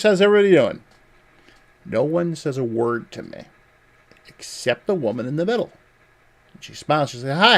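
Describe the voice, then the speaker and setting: A man at a middle pitch hosts a casual livestream chat. He tells stories about his old job, laughs often and acts out the voices of the people in them. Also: darkish tone. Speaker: podcast host.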